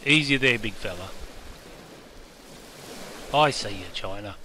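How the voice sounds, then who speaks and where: A man's voice: fairly low pitch, a little slow, slight background noise, voice pushed down. A man doing a laid-back Aussie beach bloke. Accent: Australian. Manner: easygoing, calming, slangy. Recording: outdoors with loud surf and waves.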